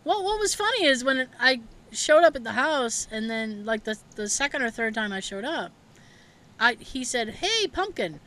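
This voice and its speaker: A woman's voice: on the high side, animated, normal speed, a bit bright. A young woman chatting casually as a podcast co-host, telling stories, acting out the quotes and laughing often. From Massachusetts. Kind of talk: casual chat.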